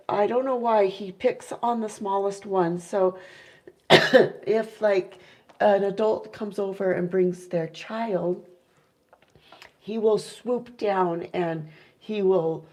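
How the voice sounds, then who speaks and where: An enthusiastic woman chats casually to her viewers, warm in interest and quick to trail into fillers. She breaks off at times to mimic soft owl hoots. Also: medium pitch, fairly even intonation, low-quality recording. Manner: chatty and enthusiastic, many fillers. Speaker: owl keeper and vlogger.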